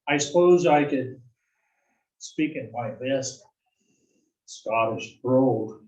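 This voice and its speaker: Slow-talking male math instructor in echoey room. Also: mid-range voice, a little mellow, distant mic, lo-fi sound. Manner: slow, explanatory, asks and answers own questions. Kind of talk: recorded classroom lecture.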